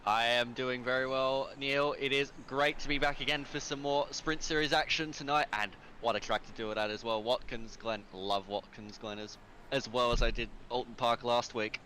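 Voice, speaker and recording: A man commentating on a sim race, cheerful and quick with a joke. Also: medium pitch, steady tone, sharp tone, a little hiss or hum, poor audio. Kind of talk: casual commentary banter.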